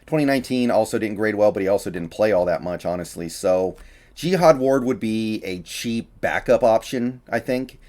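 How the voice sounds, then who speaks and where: Male sports commentator, casual solo talk, lowish voice, slightly winded, opinionated. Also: darkish tone. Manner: chatty, opinionated, with frequent fillers and restarts. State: a little out of breath.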